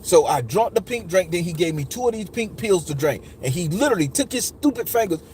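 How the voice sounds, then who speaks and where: A man's voice: high voice, brisk, slight background noise. A man telling a personal memory in casual, profane speech, acting out the quotes with strong emotion. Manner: emotional, profane, animated retelling with acted quotes. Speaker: storyteller recounting a personal memory. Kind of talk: casual spoken testimony.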